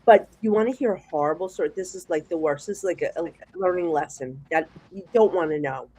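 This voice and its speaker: A middle-aged woman with a New Jersey accent tells stories in a chatty, rambling way, full of restarts. She is a psychic guest on a casual show, and her delivery stays animated throughout. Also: fairly low pitch, fast talker, slightly rough, poor audio. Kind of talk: casual storytelling chat.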